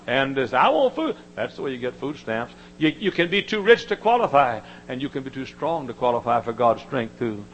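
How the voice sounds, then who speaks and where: A man preaching a sermon, with emphatic repetition and dramatic swings from hushed tones to shouting. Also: medium pitch, animated, a little fast, few pauses, a little hiss or hum, low-quality recording.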